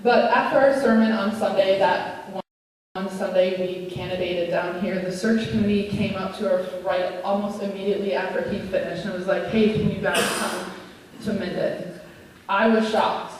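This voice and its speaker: A woman's voice: medium pitch, steady tone, moderate pace, darkish tone, a little hiss or hum. A woman, a pastor's wife giving an earnest, personal anniversary speech read from her notes in a church. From Minnesota, USA. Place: church sanctuary. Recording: echoey church hall, mic from a distance.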